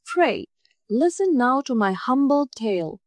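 A woman voicing a clever, calm young woman who speaks politely and with quiet cunning in a storybook reading. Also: high-pitched, measured pace, no echo. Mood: composed. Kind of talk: storybook narration.

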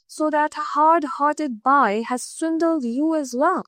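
A woman's voice: high-pitched, takes it slowly, a bit bright, no room sound, studio quality, voice pushed up. A woman voicing a poor old woodcutter, an anxious, mournful father, in a storybook reading. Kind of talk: storybook narration.

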